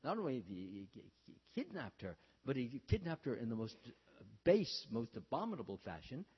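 A man giving a storytelling sermon, talking haltingly with many fillers and restarts, and acting out the lines he quotes. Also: medium pitch, sing-song, breathy edge. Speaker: religious speaker. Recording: dull, reverberant hall sound.

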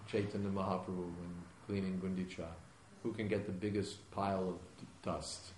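A man teaching a question-and-answer class, explaining calmly in plain words with rising emphasis. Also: low-pitched, moderate pace. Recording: echoey room with background noise.

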